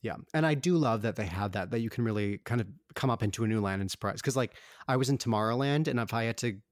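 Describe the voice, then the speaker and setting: A man hosts a relaxed interview and asks his questions in a friendly, teasing way. His pitch is ordinary for a man. The recording is dry and close. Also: quick pace, dry recording. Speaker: podcast host. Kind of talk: casual interview chat.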